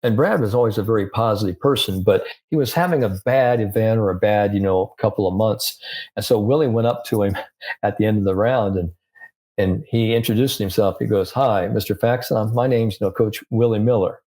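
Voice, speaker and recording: Low-voiced older man telling anecdotes. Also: fairly quick. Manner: storytelling, animated with anecdotes and quotes. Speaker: sports psychologist guest. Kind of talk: casual podcast conversation.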